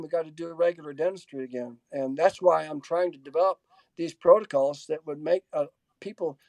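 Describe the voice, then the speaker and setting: Man, webinar speaker on a video call, mellow and dry, halting, stop-start answers. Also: fairly high pitch, no room sound. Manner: halting, many restarts and fillers, reads out audience questions. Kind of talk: casual Q&A in a webinar.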